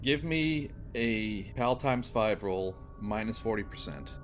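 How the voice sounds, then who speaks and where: A man runs a tabletop game as game master. His voice sits very low, and he tells the scene in a measured, descriptive way. Music plays clearly behind him. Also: expressive. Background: background music.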